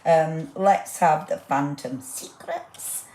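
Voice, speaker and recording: A woman's voice: sits low, a little slow, darkish tone. A woman, chatting enthusiastically and rambling as she demonstrates a craft project live and talks to viewers by name. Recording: roomy echo.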